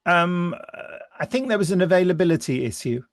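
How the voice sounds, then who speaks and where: An older man, an audio drama producer and actor, chatting in a relaxed way on a video call and laughing often. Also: sits high, fairly quick, no echo, studio quality. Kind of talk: casual interview over video call.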